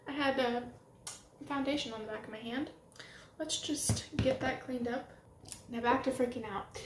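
A young woman talks her way through a makeup tutorial at home, gushing and excitable as she works. Her voice sits a little high. The room sounds roomy and echoey, with a faint ambient hum underneath. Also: slow, pauses often. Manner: gushing and excitable, talking while applying makeup. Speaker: beauty vlogger. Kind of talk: casual makeup tutorial chat. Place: home room with setting sunlight.

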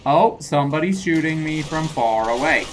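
In this let's play clip, a young adult gamer works through a shooter with a fairly high, animated voice at normal speed. Flustered and rambling, he chuckles at his blunders and teases the enemies as he goes.

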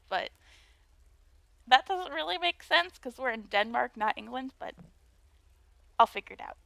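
A woman's voice: high-pitched, lively intonation, a little slow, vocal fry, pauses often, pushed and bright, no echo. Chatty woman playing a game. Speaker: let's play streamer. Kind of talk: game commentary and voice acting.

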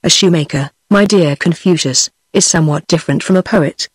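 A woman's voice: low-pitched, a little fast, husky, dry recording. A text-to-speech woman's voice with a British accent reading the lines of a weary old male legal scholar, evenly paced. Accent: British English. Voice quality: even synthetic reading voice.

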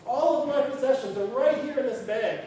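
A beggar weeping by the road pours out his misery, voiced by a preacher telling a parable. His voice is plaintive and fairly high. It sounds distant, ringing through a big reverberant room with faint noise underneath. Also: brisk, mellow. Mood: despairing. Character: poor man weeping by the road, despairing then overjoyed. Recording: very echoey room, far from mic, faint noise.

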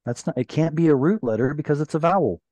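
A man's voice: a little high, lively intonation, fast, dark tone, no room sound. A man teaching a Hebrew reading class over a video call, explaining grammar patiently. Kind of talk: online class discussion.

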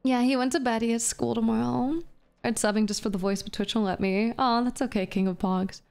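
A woman's voice: a little high, fairly even intonation, brisk, vocal fry, darkish tone, smooth. A woman streamer chatting casually with her live chat while gaming, profane, playful and flirty. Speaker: VTuber streamer.

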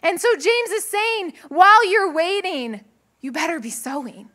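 Woman pastor, chatty sermon voice, high and bright, laughs easily, preaching to a live congregation. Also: measured pace. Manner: chatty, laughs often, lively asides to the congregation. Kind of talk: conversational sermon with personal stories. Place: church sanctuary with a live congregation.

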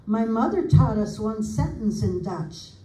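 An older woman from the United States reading family recollections aloud in an unhurried, homely way, adding small asides as she goes. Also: on the high side, animated, dark tone. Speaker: family historian presenter. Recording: roomy sound from a distant mic.

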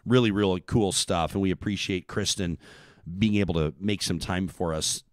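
A man's voice: low voice, moderate pace, dry recording, clean studio sound. A middle-aged man hosting a talk radio show, rambling thoughtfully with frequent restarts. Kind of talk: casual talk radio chat.

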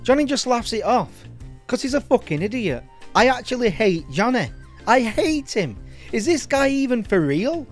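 A man's voice: extremely high pitch, sing-song, moderate pace, faint music behind. A man hosting a comedic film review, sardonic, mocking and sweary.

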